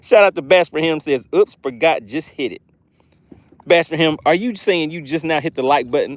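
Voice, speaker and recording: A man's voice: a little high, lively intonation, moderate pace. A man with a Southern US accent hosting a live fishing stream outdoors, reading viewer comments aloud and laughing often in a friendly, chatty way. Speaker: fishing livestream host.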